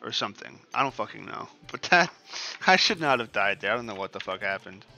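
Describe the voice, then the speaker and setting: Profane, animated young man ranting. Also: on the low side, a little fast, creaky, slight background noise. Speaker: gaming streamer. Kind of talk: casual gameplay commentary.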